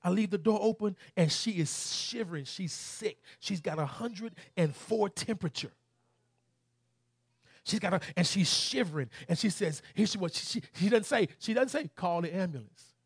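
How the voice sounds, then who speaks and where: A man with a Southern US accent preaching a sermon. He shouts scripture, then tells a story in a softer, halting voice. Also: high-pitched, animated, husky, no room sound, studio quality. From Southern United States.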